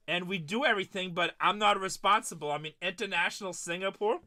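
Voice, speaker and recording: A man's voice: high voice, brisk, bright, forceful tone. A man hosting a live card-break stream, chatting casually and retelling stories of his conversations with customers.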